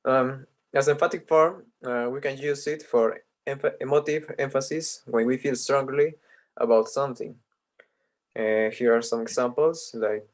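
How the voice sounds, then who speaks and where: A man's voice: mid-range voice, steady tone, measured pace. A man gives a class presentation in English, hesitating often and using filler sounds. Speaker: student presenter.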